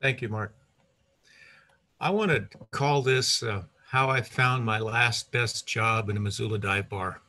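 An older man telling a personal story to an audience, lively, with asides and self-corrections. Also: mid-range voice, a little slow.

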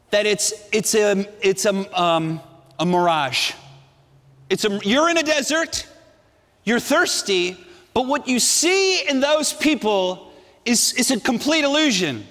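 A male pastor preaching a sermon with emphatic delivery, dropping to a hush and then rising to ringing emphasis. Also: high-pitched, long reverb tail. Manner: emphatic, swinging between hushed and ringing delivery.

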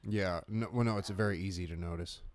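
A man with a lowish voice riffs through a horror film in loose, casual commentary. He swears freely and mocks the characters, often slipping into jokey voices mid-sentence. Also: fairly even intonation, fairly quick. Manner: profane, mocking, jumps into joking character voices. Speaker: co-host of a horror movie commentary. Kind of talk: casual crude movie commentary.

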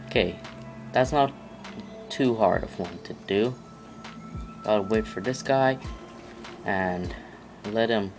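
A man doing let's play commentary, reacting loudly with yelps and groans whenever the game catches him out. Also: lowish voice, measured pace, long pauses, faint music behind. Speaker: gamer.

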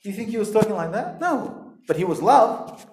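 Animated high-voiced preacher. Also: male voice, normal speed, slight background noise. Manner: animated, emphatic, talks straight to the listener. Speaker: pastor. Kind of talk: sermon. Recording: echoey room.

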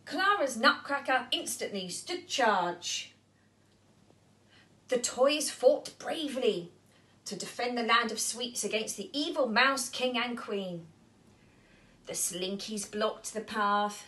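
Woman, nursery storyteller, picture-book reading, lively, slow, asks children questions. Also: on the high side.

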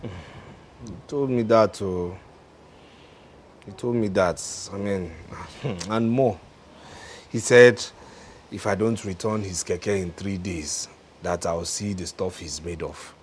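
A man's voice: deep voice, slow pace, long pauses, slight background noise. An actor with a Nigerian accent playing a young man hesitantly recounting how he was chased away. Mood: rueful. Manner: rueful, hesitant storytelling. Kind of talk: Nollywood film acting.

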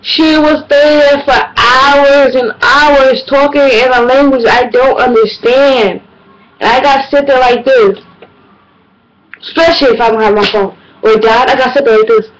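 A woman's voice: sits high, normal speed, rough recording. A young woman, telling exasperated comedic stories in a casual, slangy vlog monologue. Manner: animated, exasperated, slangy storytelling. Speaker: vlogger.

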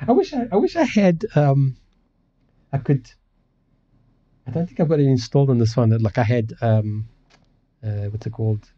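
A man's voice: mid-range voice, expressive, measured pace, long pauses, warm tone, muffled recording. A man hosting a casual livestream from his apartment, rambling and swearing with many restarts. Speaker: livestream host. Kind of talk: casual ranting chat. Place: home apartment.

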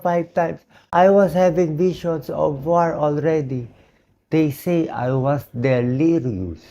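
A hoarse man with a Filipino accent, a doctor giving an earnest, pleading personal monologue. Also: a little high, mellow. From Philippines. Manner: earnest, pleading, switches between English and Tagalog.

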